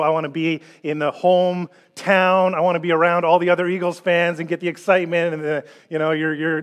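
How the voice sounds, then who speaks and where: A middle-aged man preaching a sermon, telling a personal story in an animated, joking way. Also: fairly high pitch. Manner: storytelling, animated and jokey, rising when quoting. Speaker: pastor.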